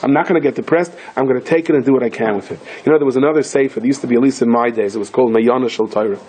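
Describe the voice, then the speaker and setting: Animated husky rabbi lecturing. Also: male voice, medium pitch, very fast. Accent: American English with Yiddish and Hebrew words. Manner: animated storyteller, acting out voices with shouts. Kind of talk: Torah lecture.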